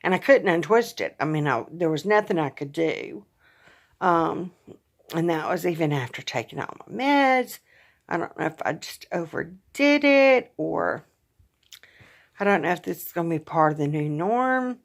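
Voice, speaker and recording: A middle-aged woman with a drawl talks in a personal vlog. Her voice sits a little low and sounds tired and pained. She speaks softly and haltingly, with sighs and pauses. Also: lively intonation, gravelly. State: tired and in pain. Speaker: vlogger.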